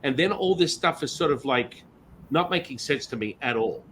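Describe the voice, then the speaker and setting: A man's voice: fairly high pitch, lively intonation, moderate pace, fairly bright tone, slight background noise. A middle-aged man hosting a spiritual podcast, telling stories in a rambling, casual way with many restarts. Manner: rambling storyteller, frequent restarts and "you know". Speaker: podcast host.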